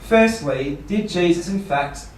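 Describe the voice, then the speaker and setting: A man's voice: high-pitched, lively intonation, slow. A man, a pastor giving a seminar talk, asking rhetorical questions and playfully mock-quoting people. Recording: echoey room, voice from far off.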